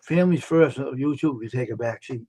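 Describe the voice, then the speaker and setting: This is a man on a casual live stream who backs up his co-host with frequent murmured agreement. His voice sits at an ordinary, mid-range pitch for a man. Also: brisk, warm tone, no room sound.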